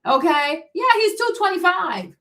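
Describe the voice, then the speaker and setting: A woman's voice: very high voice, sing-song, measured pace, fairly bright tone. A woman hosting a livestream, giving heated, blunt, profane commentary and talking back to her chat. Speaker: livestream host.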